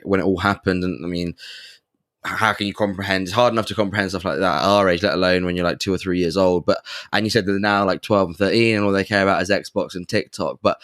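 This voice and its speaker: A man hosting a podcast asks earnest, careful questions, stumbling over his words now and then. His voice is fairly low. The recording is close and dry. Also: a bit bright, smooth, dry recording. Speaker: podcast host. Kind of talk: interview questions in casual chat.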